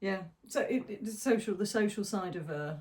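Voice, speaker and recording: A woman's voice: medium pitch, animated, moderate pace, darkish tone. Teasing middle-aged woman. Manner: brief, teasing interjections. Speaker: podcast co-host. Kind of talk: casual chat.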